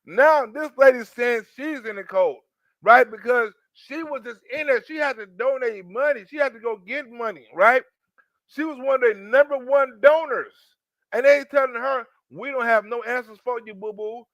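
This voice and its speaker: A man hosting reaction commentary, telling stories in a profane, animated way. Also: extremely high pitch, normal speed, dry recording, lo-fi sound. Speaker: commentary host.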